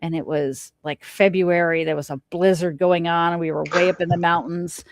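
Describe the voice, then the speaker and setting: A woman's voice: on the low side, normal speed, background noise. A middle-aged woman recounting a personal encounter as a podcast guest, acting out quoted lines as she tells it. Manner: animated storyteller, acts out quoted lines. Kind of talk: casual storytelling interview.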